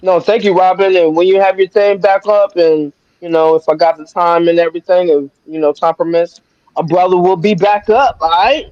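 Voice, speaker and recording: A man's voice: high voice, steady tone, moderate pace, a little mellow, no room sound, highs cut off. A laid-back man using slang, signing off politely from a group call. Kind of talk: casual group chat.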